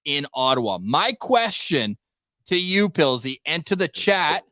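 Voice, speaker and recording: Canadian hockey host guy, kinda high voice, dry close mic, playful and chatty. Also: slow, dry recording. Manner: lively, playful, addresses the chat. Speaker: podcast host. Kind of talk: casual sports talk livestream.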